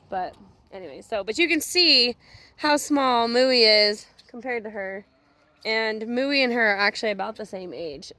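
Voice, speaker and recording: Young woman, bright voice, casual farm vlog, rambling chatty delivery, phone mic outdoors. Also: a little high, no echo. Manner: chatty, rambling, affectionate to animals. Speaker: farm owner.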